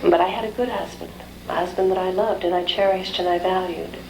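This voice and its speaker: A middle-aged woman speaks to a gathered audience in a rather low voice, telling a personal story. She tells it in a lively way and slips into the voices of the people she quotes. A faint hiss of noise sits under this old recording of a talk. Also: brisk. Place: lecture hall.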